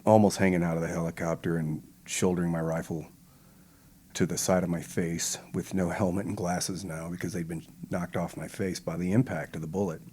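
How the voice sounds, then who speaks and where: An older man, a retired pararescueman, retelling his combat experience as a podcast guest in a slow, measured and vivid way. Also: low voice, fairly even intonation, mellow, husky. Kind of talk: interview storytelling.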